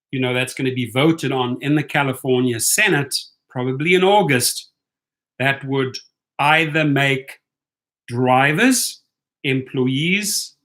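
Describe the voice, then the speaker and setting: Answering viewer chat on a laid-back live stream, a South African man reads the questions aloud and responds bluntly and conversationally. He speaks at a medium pitch with a fairly bright tone.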